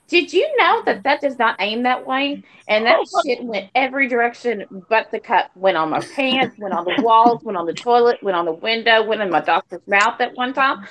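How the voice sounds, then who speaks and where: Woman, fairly high voice, blunt, swears freely, crude casual chat. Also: lively intonation, normal speed, fairly bright tone, rough recording.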